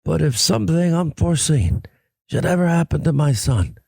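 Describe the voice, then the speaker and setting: A man doing an impression of an aging mafia don with a hoarse, mumbling voice. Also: a little high, animated, normal speed, darkish tone, no echo. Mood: menacing.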